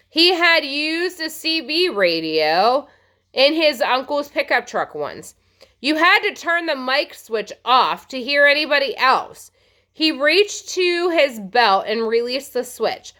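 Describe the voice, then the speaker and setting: A woman teacher reads a novel aloud in an expressive storytelling manner. Her voice sits high and bright. Her pitch moves with a lot of life.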